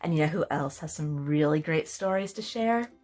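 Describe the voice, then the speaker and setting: A woman librarian reading a picture book aloud for children, slow and gentle, pausing to explain words. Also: deep voice, lively intonation.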